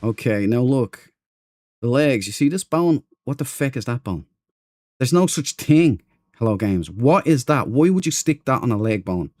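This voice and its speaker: A man's voice: medium pitch, lively intonation, moderate pace, a little mellow, no echo. A man hosting a casual game stream, chatty and self-mocking, greeting viewers in chat by name. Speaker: gaming livestream host.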